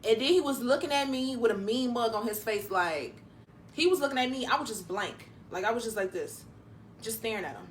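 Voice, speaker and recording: Young woman rambling thru a storytime mukbang, lots of "like", kinda high voice. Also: lively intonation, a little fast, slight background noise. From Detroit, USA. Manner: chatty, loose, full of "like" fillers. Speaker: mukbang vlogger. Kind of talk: casual storytime chat while eating.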